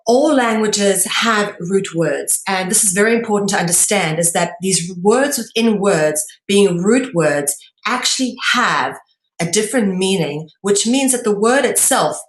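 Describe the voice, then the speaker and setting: Female presenter, lecture delivery, measured and explanatory, hesitant fillers, roomy echo. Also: mid-range voice, animated. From South Africa. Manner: measured, explanatory, with frequent ums.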